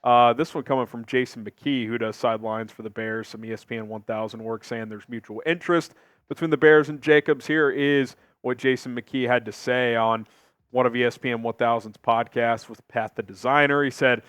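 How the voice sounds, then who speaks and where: A man hosting an opinionated sports talk show, talking emphatically with big swings in pitch and volume. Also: fairly even intonation, moderate pace, a bit bright, clean tone, dry recording, clean studio sound.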